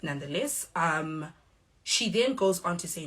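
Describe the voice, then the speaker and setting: A young woman with a South African accent speaks straight to the camera in a slightly low voice. She is measured and firm as she recounts events, switching now and then into short quoted exchanges. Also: lively intonation, a bit bright. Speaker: reality show cast member. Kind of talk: direct-to-camera statement.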